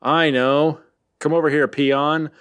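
A man's voice: a little high, fairly even intonation, slow pace, a bit bright, clean tone, pitched above the performer's own voice. A man voicing a tired old king of the gods in a casual comic recap. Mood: offhand.

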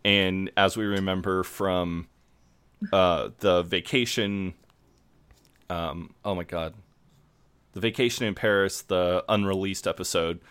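Low-voiced man recapping casually. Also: fairly even intonation, slow, pauses often, fairly bright tone, clear, resonant tone, no echo. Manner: recounts scenes, quoting lines dryly. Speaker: podcast co-host.

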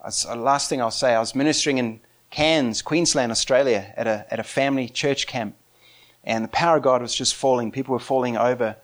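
A man preaching a lively sermon, telling stories with frequent laughter and acting out the voices of the people in them. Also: medium pitch, fairly quick. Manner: animated, laughing often, acts out quoted voices.

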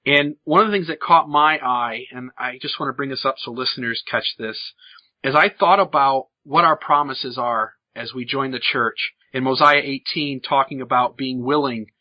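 A man hosting a conversation, speaking haltingly with restarts as he builds his point. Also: medium pitch, dry recording. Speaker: podcast host. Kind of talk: conversational discussion. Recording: dry, slightly dull audio.

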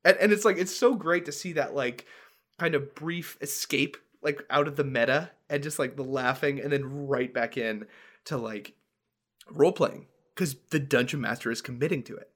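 A young man co-hosting a casual podcast chat, animated and laughing as he drops into silly character voices. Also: medium pitch, moderate pace. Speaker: podcast co-host, dungeon master.

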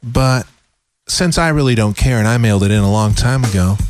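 A man's voice: medium pitch, a little fast, faint music behind, natural voice. Brief: sleepy, saccharine lady DJ with a forced drawl, a man mocking her. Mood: mock-sweet. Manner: mocking, drawling, fake southern lilt. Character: impression of a syrupy female radio host, sleepy and fake-sweet.

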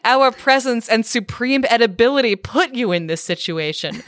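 A woman voicing a huge, overpolite eldest billy goat in a storybook parody, speaking a little higher than her own voice. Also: animated, normal speed, fairly bright tone, no room sound, clean studio sound. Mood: grandly contrite. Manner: grandly apologetic, overpolite. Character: haughty oversized eldest billy goat, male.

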